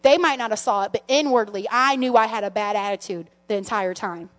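A middle-aged woman pastor telling personal stories in a sermon, animated and full of restarts, calling her listeners friends. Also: mid-range voice, fairly quick. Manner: animated storytelling, many restarts, addresses the congregation as friends. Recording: long hall reverb.

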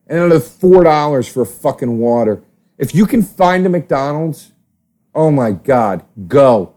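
A man from South Jersey hosting a podcast, ranting profanely in a casual comedic monologue, swinging from loud outbursts to low muttering. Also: lively intonation, normal speed. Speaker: podcast host.

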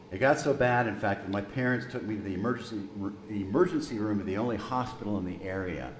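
A man in his sixties, a pastor preaching a sermon, telling a story gently and slowing down for emphasis. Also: on the low side, reverberant, a little hiss or hum, poor audio.

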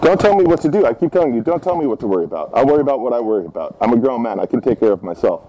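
A man's voice: mid-range voice, very animated, racing, mellow, slight background noise, pitched below the performer's own voice, natural voice. A man on a prank phone call, putting on a hard-of-hearing grandfather in his seventies who rambles and demands respect. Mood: fussy. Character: cranky hard-of-hearing 73-year-old grandfather.

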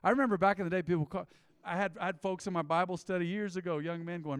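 A man's voice: sits high, fairly even intonation, fast talker, clear, resonant tone. A middle-aged man pastor preaching a sermon in a church sanctuary, emphatic, with bursts of rising energy and acted asides. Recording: live church sermon with long hall reverb.

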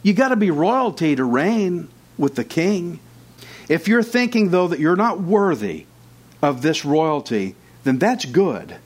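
A man's voice: on the high side, big pitch swings, measured pace. Fervent preaching man. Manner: fervent, acts out listeners' doubts in quotes. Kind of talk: sermon.

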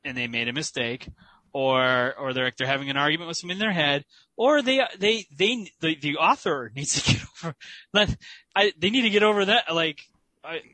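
A man's voice: on the high side, fairly quick, bright, forceful tone, no room sound. A man co-hosting a casual podcast chat, rambling with many fillers and restarts. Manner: rambling, lots of fillers and laughs.

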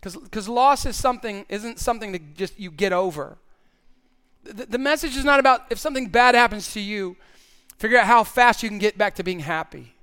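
A man's voice: sits high, brisk, pushed and bright, smooth. A male pastor preaching a sermon in an earnest way, often repeating words as he stresses a point.

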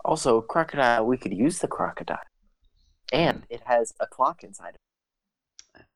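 A man's voice: mid-range voice, lively intonation, normal speed, creaky, no room sound, low-quality recording. Matter-of-fact man arguing in casual chat. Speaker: podcast co-host.

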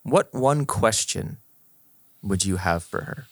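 A man with a low, deep voice speaks slowly and thoughtfully in a casual faith conversation. The sound is close and dry, with no room echo. He pauses and restarts as he searches for the right words. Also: lively intonation, breathy edge. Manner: reflective, unhurried, searching for words.

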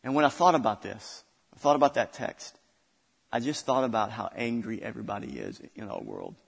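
A man's voice: fairly low pitch, sing-song, a little fast, creaky, breathy edge, big-room sound. A male pastor preaching a sermon, building intensity through repeated phrases. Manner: preaching with rising intensity and repetition.

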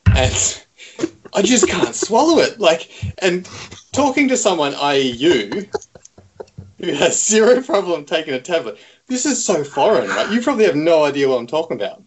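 A man's voice: on the high side, moderate pace, slight background noise. Rambling, self-mocking man in his thirties. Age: 30s. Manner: rambling, animated, self-mocking, laughs often. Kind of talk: casual storytelling chat.

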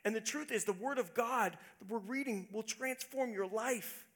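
Gravelly earnest male preacher. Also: high-pitched, normal speed. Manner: earnest, swings from hushed to emphatic. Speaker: pastor. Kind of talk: sermon with personal story.

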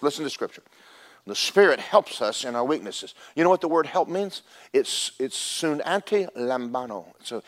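A man preaching a sermon in a church, telling stories and swinging from loud to hushed. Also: mid-range voice. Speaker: pastor. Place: church sanctuary.

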